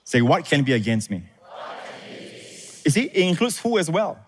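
Male pastor, emphatic call-and-response preaching, lively delivery, echoing hall. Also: fairly high pitch, moderate pace, some chatter behind, slight background noise. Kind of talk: sermon. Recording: reverberant hall.

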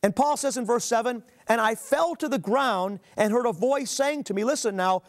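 A man preaching a sermon, earnestly reading scripture aloud and calling his listeners "beloved". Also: very high voice. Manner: reads scripture aloud with emphatic pauses.

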